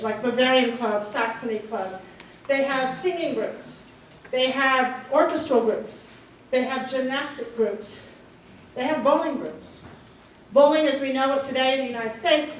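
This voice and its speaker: A woman teaches a history class in a high, bright voice, quizzing her students and laughing along with them. She stands away from the mic in a very echoey room. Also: distant mic, a little hiss or hum. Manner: lively, asks the class questions and laughs often. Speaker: history lecturer. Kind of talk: classroom lecture. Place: lecture room.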